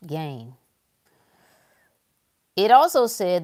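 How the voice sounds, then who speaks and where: A woman's voice: fairly low pitch, animated, a little slow, creaky, darkish tone. A woman hosting a casual motivational livestream, talking emphatically to her viewers and repeating phrases to drive her points home. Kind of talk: casual motivational talk to a live audience.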